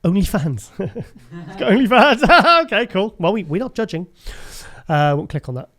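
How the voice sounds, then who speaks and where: A man's voice: sits high, very animated, moderate pace, fairly bright tone. A man hosting a casual show, chatting and rambling as he looks through pictures and laughs often. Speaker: host.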